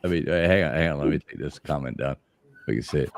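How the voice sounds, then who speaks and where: A man's voice: a bass voice, fast talker, gravelly, no echo. A man hosting a livestream, telling stories in casual, profane chat and laughing often. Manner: animated storytelling, swearing, laughing. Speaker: livestream host.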